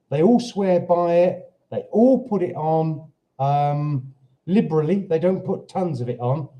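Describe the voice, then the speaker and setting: A slow-talking British man rambles through a casual livestream from home. His voice is very dark and mellow, set a little high for a man. He wanders off to chat to his dog and read out viewer questions. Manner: chatty, rambling, talks to his dog and reads out viewer comments. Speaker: livestream host. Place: home in Portugal.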